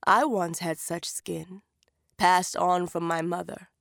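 Woman narrator playing an elderly, knowing market woman over sixty, slow and gently scolding. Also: lowish voice, steady tone, vocal fry, no echo, clean studio sound, heavily acted.

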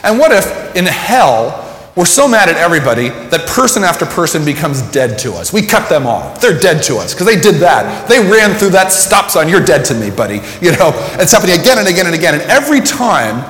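A man's voice: high-pitched, big pitch swings, a little fast, a bit bright. A man preaching a sermon, telling a personal story and reflecting in a conversational way. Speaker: pastor. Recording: echoey hall with long reverb.

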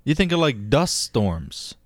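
A man's voice: mid-range voice, very animated, a little slow, no room sound. A man co-hosting a podcast, telling a story in casual chat, swearing and laughing often. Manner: profane, laughs often, says dude. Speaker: podcast co-host.

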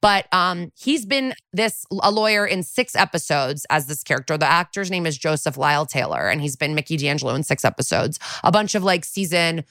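A woman's voice: low voice, lively intonation, a bit bright, no room sound, clean studio sound. A woman co-hosting a podcast, recapping a TV episode in a chatty, filler-heavy way and acting out the characters' lines. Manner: chatty, rapid recap with many fillers and voiced quotes. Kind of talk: casual chat.

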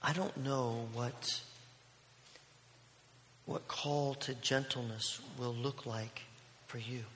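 A man's voice: mid-range voice, fairly even intonation, takes it slowly, slight background noise. Storytelling male pastor in reverberant hall. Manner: storytelling, from loud and urgent to hushed. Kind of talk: sermon. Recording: long reverb of a large hall.

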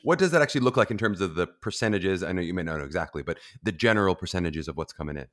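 A man's voice: low voice, expressive, very fast, fairly bright tone. A man from the American South hosting an interview, chatty and playful as he asks questions. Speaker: podcast host. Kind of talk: podcast interview.

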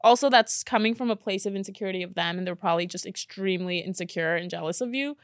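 A woman hosting a podcast in casual reaction chat, blunt and expressive, swearing casually. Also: mid-range voice, fast talker, no echo, clean studio sound. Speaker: podcast host.

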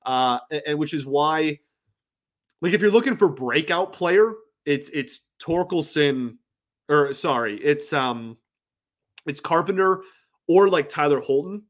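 A man's voice: a little high, expressive, a little slow. A man hosting a solo sports podcast, talking casually in a rambling, opinionated way and laughing often.

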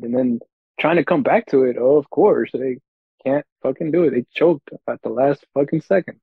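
A man's voice: mid-range voice, moderate pace, slightly rough, no echo. A man co-hosting a sports podcast, ranting with heavy swearing in casual chat. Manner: profane, animated ranting. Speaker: podcast co-host. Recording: tinny phone-like line.

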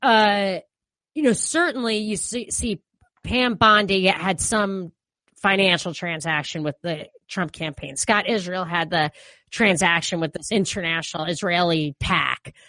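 A New York woman with a New York accent co-hosts a casual political talk show, speaking in a lowish, unhurried voice with no echo. She's animated and opinionated, peppering her speech with "you know."

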